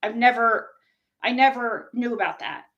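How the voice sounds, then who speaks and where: A high-pitched woman with a sharp, bright voice rants angrily on her livestream. She swears freely and addresses her chat directly. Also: moderate pace, dull audio. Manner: profane, heated, talks straight to her chat. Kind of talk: angry livestream rant to chat.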